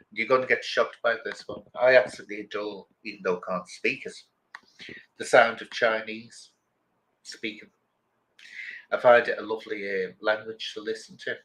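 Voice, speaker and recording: Chatty man, middle-aged, bright voice, rambling livestream host. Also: fairly low pitch, slight background noise, poor audio. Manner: chatty, rambling, greets viewers warmly. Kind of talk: casual chat with viewers.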